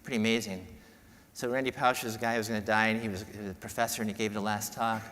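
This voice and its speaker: A man giving an emotional conference talk, heartfelt and halting, often repeating words and restarting. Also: lowish voice, flat delivery, fairly bright tone. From New York. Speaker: podiatrist giving a keynote talk. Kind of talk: emotional speech to a conference audience. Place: large conference hall. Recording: long hall reverb.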